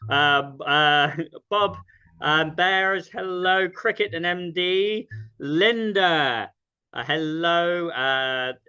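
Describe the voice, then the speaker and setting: A man's voice: on the high side, very slow, pushed and bright, smooth. A man hosting an online sing-along, chatty and self-deprecating, with many ums. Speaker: host. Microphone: video call. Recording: dull lo-fi video call audio.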